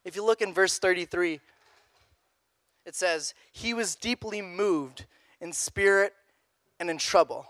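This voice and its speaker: A young man preaching a youth sermon in a casual, animated way, repeating phrases. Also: sits high, no echo. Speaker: youth pastor.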